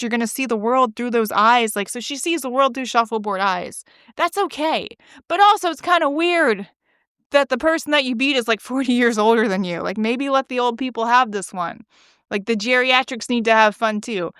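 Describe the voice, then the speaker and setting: A woman hosting a podcast with a chatty, gossipy storytelling manner, laughing often and saying like a lot. Her voice sits a little high. It is recorded close and dry, with no room sound. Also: fairly bright tone, smooth, dry recording. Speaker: podcast host. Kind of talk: casual storytelling monologue.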